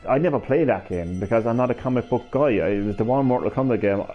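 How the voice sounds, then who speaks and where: A man talks loosely to his stream chat, restless and scattered, tripping over his words and cursing offhand. His voice sits at an everyday middle pitch. The audio is a little muffled and lo-fi, with faint game music underneath. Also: quick pace, slightly rough. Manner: rambling, restless, swings between hyper and drowsy; swears casually, stammers and restarts. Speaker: live streamer. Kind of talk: rambling live-stream chat to viewers. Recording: slightly dull lo-fi stream audio.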